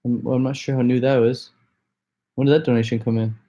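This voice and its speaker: Mellow-voiced laid-back livestream guy. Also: mid-range voice, level tone, fast. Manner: laid-back slangy, enthusiastic. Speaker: livestream host. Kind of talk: casual livestream Q&A.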